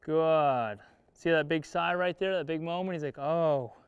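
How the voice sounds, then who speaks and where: A man's voice: a little high, moderate pace, clear, resonant tone, no echo, muffled recording. A man teaching horse training while riding, coaching the horse in short words and explaining to viewers in plain-spoken cowboy talk. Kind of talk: instructional riding lesson. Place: outdoor riding arena.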